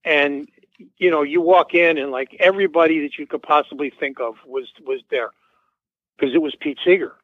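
A slightly high-voiced man in his seventies, talking at normal speed, rambles through an anecdote as a radio call-in guest, with plenty of fillers and restarts. The recording is dry and comes through a tinny phone line.

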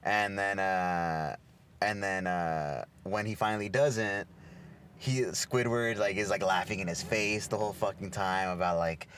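A man's voice: low voice, fairly even intonation, a little slow, fairly bright tone, a little hiss or hum. A man co-hosting a podcast, chatting casually, swearing a lot, laughing and telling stories. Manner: profane, laughing, storytelling. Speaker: podcast co-host. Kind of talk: casual chat.

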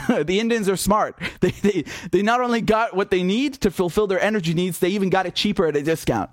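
A man's voice: high voice, brisk, no room sound, studio quality. A man giving a blunt, mocking political monologue, laughing often and swearing. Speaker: political commentator. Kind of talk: casual opinion monologue.

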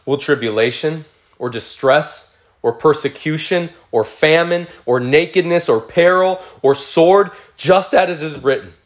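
A man delivers a sermon, reading scripture aloud and explaining it with heartfelt earnestness. His voice sits slightly higher than most men's. He builds through repeated phrases and lets emotion come through. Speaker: preacher.

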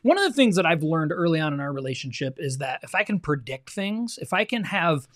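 A man's voice: a little high, big pitch swings, fairly quick, fairly bright tone. A man in his thirties co-hosting a faith-based marriage podcast, talking in an earnest, conversational way and often checking in with "right?". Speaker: podcast co-host.

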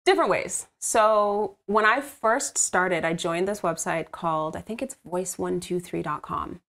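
A woman's voice: lowish voice, measured pace, gravelly, fairly bright tone. A woman voice-over artist, recording from home, chatting animatedly about her work with frequent laughs and fillers. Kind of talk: casual interview chat.

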